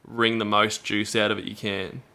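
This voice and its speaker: A man's voice: lowish voice, flat delivery, moderate pace, pushed and bright, smooth. A man hosting a casual chat, laughing often and quoting callers. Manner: laughs often, quotes callers in put-on voices. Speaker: podcast host.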